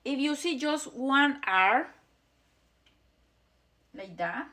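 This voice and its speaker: A woman teaching Spanish pronunciation, repeating each sound slowly as she demonstrates it. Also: sits high, animated, pushed and bright. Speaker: language teacher. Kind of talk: pronunciation lesson.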